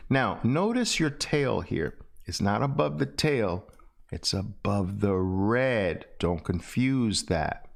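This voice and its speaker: Animated middle-aged man teaching trading. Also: slow. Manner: animated, punctuates with loud "boom" and repeats phrases. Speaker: trading instructor. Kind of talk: screen-share trading lesson.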